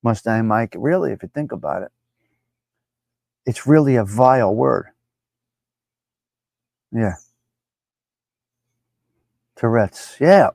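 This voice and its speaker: A man's voice: medium pitch, animated, slow, vocal fry, pauses often, darkish tone, dry recording. Blunt, profane male stream host. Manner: blunt and profane, reads viewer comments aloud. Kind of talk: casual live stream chat.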